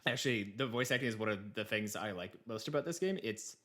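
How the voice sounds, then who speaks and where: A man's voice: lowish voice, fast, a bit bright. A man co-hosting a podcast in casual chat, rambling with fillers and laughing. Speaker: podcast co-host.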